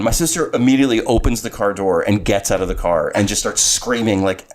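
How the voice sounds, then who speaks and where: A man from New Jersey co-hosting a casual podcast, telling stories with lively swings in delivery. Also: on the low side, quick pace, few pauses. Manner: animated storyteller, big swings for quoted lines. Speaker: podcast co-host. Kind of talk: casual chat.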